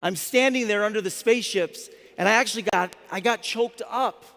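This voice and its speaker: A man in his fifties with a high voice, telling a story to a live audience as a motivational speaker. He talks in an animated way and often restarts his words. His voice rings with a long reverb from a large hall. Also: moderate pace, gravelly.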